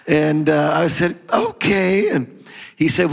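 A middle-aged man preaches a sermon in a church sanctuary, his voice pitched a little high and rough with fry. He shifts from shouted calls for praise to quieter storytelling asides. The sound rings with a long hall reverb. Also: huge pitch swings, takes it slowly, long pauses. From half German, half Hispanic. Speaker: pastor.

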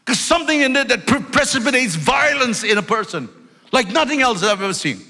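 Brief: male pastor, high bright voice, emphatic sermon, big reverberant church hall. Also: animated, fairly quick. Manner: emphatic, loud, swings between shouting and low storytelling asides. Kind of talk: preaching a sermon. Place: church sanctuary. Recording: long reverb of a large hall.

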